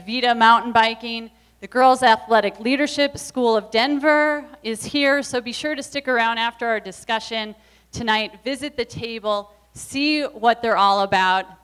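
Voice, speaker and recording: Clear-voiced woman telling a story. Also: a little high, fairly bright tone. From US Midwest. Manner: earnest, reflective, acts out quoted voices. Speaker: event speaker. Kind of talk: personal storytelling talk.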